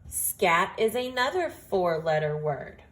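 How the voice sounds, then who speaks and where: A woman teaching a phonics lesson, speaking slowly and carefully and sounding out each word. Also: fairly low pitch, very animated, a bit bright. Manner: slow, deliberate, sounds out words.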